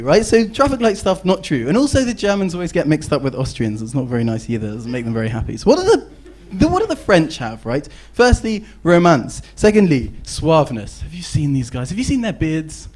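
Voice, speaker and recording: A man's voice: fairly high pitch, very animated, fairly quick, darkish tone. A young man with a British accent giving a competitive debate speech, joking and playful, often ending points with tag questions.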